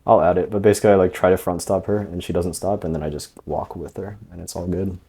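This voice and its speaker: Male coach, deep voice, relaxed instructional narration, casual fillers throughout. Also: quick pace, breathy edge. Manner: relaxed, loose, lots of fillers like "um" and "like". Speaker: dating coach.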